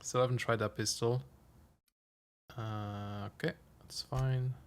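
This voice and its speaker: A man's voice: medium pitch, fairly even intonation, slow. A man streaming a video game, giving casual commentary and thinking aloud with frequent chuckles. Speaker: let's play streamer.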